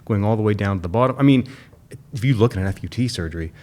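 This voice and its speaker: A man's voice: fairly low pitch, racing, a little mellow. A man hosting a podcast interview, talking casually and with enthusiasm, using a lot of "like". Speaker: podcast host.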